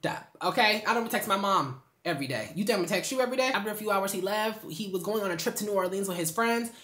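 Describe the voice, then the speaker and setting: Young woman, storytime vlog, rapid slangy chat, mid pitch, speaking to viewers from home. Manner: animated, slangy, talks straight to viewers. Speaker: storytime vlogger.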